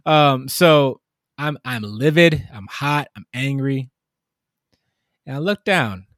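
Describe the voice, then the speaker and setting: A man telling a long story in casual conversation, animated and acting out the people in it. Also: medium pitch, slow pace, no room sound, studio quality. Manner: animated storytelling, mimics customers. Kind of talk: casual chat.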